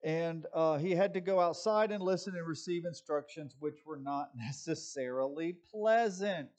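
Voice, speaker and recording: A man teaching informally from the Bible, talking conversationally with fillers and restarts, and mocking other views in quick put-on voices. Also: a little high, darkish tone.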